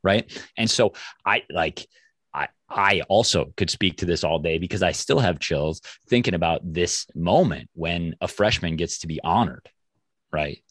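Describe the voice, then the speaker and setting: Reflective deep-voiced man host. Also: measured pace, a bit bright, no room sound, studio quality. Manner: reflective and affirming. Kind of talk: conversational interview.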